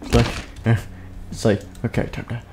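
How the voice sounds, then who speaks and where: Talking fairly quickly against a noisy background, a young man uses a desk microphone to narrate a game role-play on his live stream. He's goofy and rambling, often cutting himself short.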